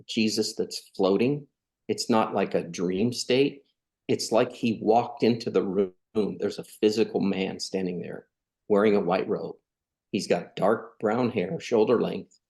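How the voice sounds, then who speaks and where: A middle-aged man from California tells a personal story on a podcast. His voice sits low with a gravelly edge. He stays earnest and conversational and acts out what others said. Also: darkish tone. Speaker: podcast guest. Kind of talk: storytelling in a casual interview.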